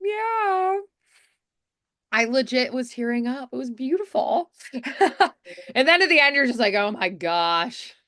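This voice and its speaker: Bright, chatty woman voice coach. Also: sits high, animated, a little slow, pauses often, dry recording, clean studio sound. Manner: encouraging, chatty, lots of fillers. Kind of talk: coaching feedback, conversational.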